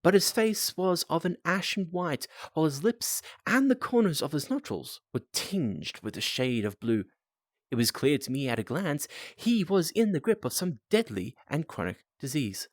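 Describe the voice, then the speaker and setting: A man's voice: a little high, animated, moderate pace, no room sound, studio quality. A man reading a classic detective novel aloud on a live stream, with casual asides. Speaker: amateur reader.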